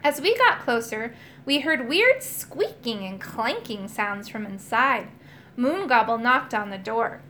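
Animated high-voiced woman reading a children's book. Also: measured pace, slight background noise. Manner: expressive, animated. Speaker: narrator.

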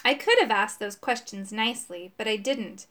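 A woman narrating a children's chapter book aloud, expressive and voicing the characters. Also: on the high side, normal speed. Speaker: audiobook narrator. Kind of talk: children's audiobook reading.

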